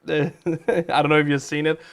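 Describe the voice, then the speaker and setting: A man with a fairly high, monotone, smooth voice hosts a game live stream, chatting casually and ramblingly at a measured pace as he plays.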